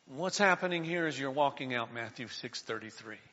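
A man preaching a sermon, calling on the congregation to respond, rising to shouts and dropping to quiet pleading. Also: mid-range voice, animated, fairly quick. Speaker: pastor. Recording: dull sound in a large reverberant hall.

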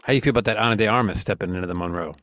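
A man's voice: on the low side, rapid-fire, fairly bright tone, no echo, clean studio sound. A man hosting a podcast in casual chat, laid-back and wry, swearing now and then. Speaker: podcast host.

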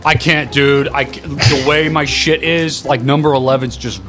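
A man's voice: medium pitch, normal speed, faint music behind. A young man co-hosting a podcast, telling crude stories in a rambling, swearing, casual way. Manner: rambling, swearing, animated storytelling. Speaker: podcast co-host. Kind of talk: crude casual chat among friends.

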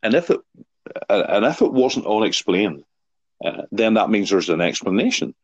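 A man's voice: lowish voice, very animated, moderate pace, no room sound. A man guest on a podcast, explaining his ideas earnestly with anecdotes and rhetorical questions. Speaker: guest, sports psychology author. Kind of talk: podcast interview answers with anecdotes. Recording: dull lo-fi sound.

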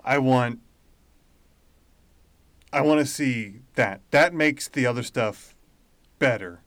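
A man's voice: medium pitch, slow pace, fairly bright tone, dry recording. A man co-hosting a podcast, thinking aloud in a hesitant, casual way. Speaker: podcast co-host. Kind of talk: casual chat.

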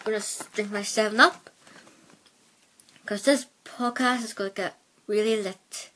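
A woman's voice: medium pitch, steady tone, moderate pace, bright, forceful tone, slightly rough. A woman from Northern Ireland with a mixed Belfast and Plymouth accent, hosting a casual solo podcast on a headset mic, rambling hesitantly with many fillers. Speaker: podcast host.

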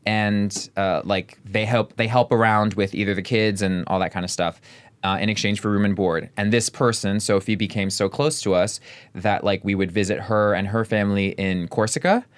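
Podcast guest, male, low smooth voice, rambling casual chat. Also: normal speed. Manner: chatty, fills with "like" constantly. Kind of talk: casual conversation.

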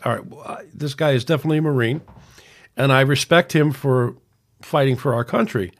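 A man's voice: mid-range voice, a little fast. A man in his sixties hosting a podcast, reading out messages and arguing back in a solo opinion monologue. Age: 60s. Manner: reads out messages and argues back, frequent restarts. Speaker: podcast host.

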